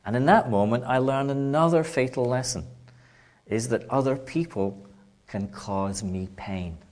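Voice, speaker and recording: A middle-aged man gives a spiritual lecture in a hall, with a playful storytelling manner. His voice sits at an ordinary pitch, and he now and then slips into small acted voices. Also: a little slow, darkish tone. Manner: playful storytelling, acts out child and adult voices, laughs often. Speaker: speaker giving a public talk. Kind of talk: spiritual lecture to a live audience.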